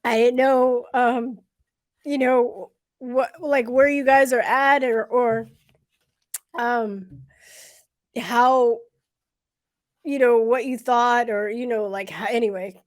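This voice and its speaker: Woman, livestream host, halting speech, lots of fillers, slightly high voice. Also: steady tone. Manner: halting, many fillers and restarts; tearful and emotional at times. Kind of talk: casual livestream talk to viewers.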